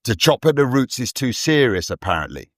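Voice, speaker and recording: A man's voice: medium pitch, sing-song, brisk, no room sound, clean studio sound. A man holding forth on a podcast in a preachy, emphatic way, hammering his points with repetition. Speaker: podcast co-host. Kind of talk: forceful monologue.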